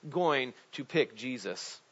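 A man preaching a sermon in a chatty, animated way, with frequent restarts and asides. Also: mid-range voice, slow. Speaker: pastor. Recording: dull lo-fi recording.

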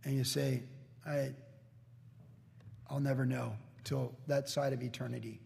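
A man's voice: medium pitch, level tone, measured pace, vocal fry, long pauses, a little mellow, big-room sound. A man preaching a sermon as a pastor, earnest, now and then quoting scripture figures in character. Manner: earnest preaching, slips into acted quotes of biblical figures.

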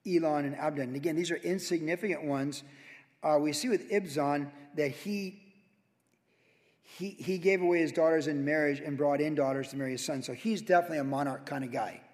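Animated male pastor in a reverberant hall. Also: fairly high pitch, normal speed. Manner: animated, conversational teaching with sudden loud emphasis. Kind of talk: verse-by-verse sermon.

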